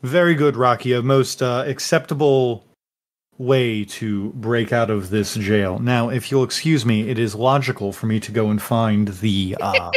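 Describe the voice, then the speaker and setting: A man's voice: medium pitch, measured pace, natural voice. A man voicing a pompous, self-serious male investigator with a stiff, formal way of speaking. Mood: haughty.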